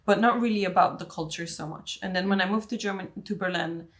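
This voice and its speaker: A woman's voice: medium pitch, quick pace. Chatty young woman telling a story. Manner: chatty, storytelling with many likes. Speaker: podcast guest. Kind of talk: casual podcast chat.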